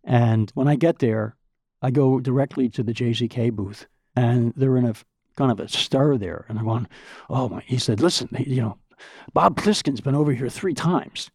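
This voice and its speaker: An older man, a podcast guest, telling long anecdotes in a lively way, acting out the voices of people he quotes and often repeating words. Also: medium pitch, moderate pace, slightly rough, dry recording, studio quality. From United States. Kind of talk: anecdotal storytelling.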